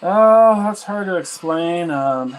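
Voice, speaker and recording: A man with a slightly raised pitch talks casually at home, reacting to the answers he hears and teasing the spirits as he questions them. A constant bed of static hiss sits under his voice. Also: normal speed, rough recording. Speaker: paranormal investigator hosting a ghost box session. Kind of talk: casual spoken commentary while questioning spirits. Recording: steady static hiss from a ghost box.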